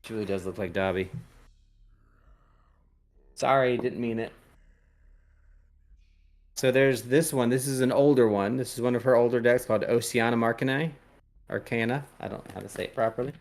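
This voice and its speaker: A man hosting a podcast, casually showing tarot decks in a rambling, hesitant way with many pauses and fillers. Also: mid-range voice. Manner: rambling, hesitant, lots of ums. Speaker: podcast host reading tarot. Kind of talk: casual chat.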